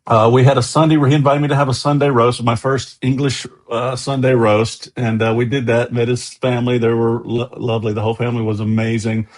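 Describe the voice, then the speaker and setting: A man's voice: mid-range voice, little pitch movement, a little fast, hardly any pauses. American male guest, mid-range voice, chatty anecdotal storyteller. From USA. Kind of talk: casual interview storytelling.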